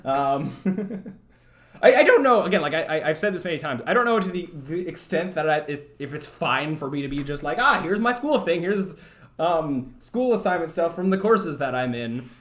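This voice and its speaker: Rambling young man streaming, higher voice. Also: animated, moderate pace. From Canada. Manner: rambling, stammering, many fillers. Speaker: livestreamer. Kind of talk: casual rambling chat.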